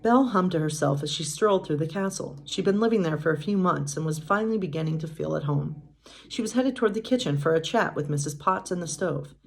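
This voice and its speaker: A woman's voice: low-pitched, quick pace, vocal fry, slightly rough. A woman pastor reading a bedtime story aloud, with chatty, casual asides and laughs.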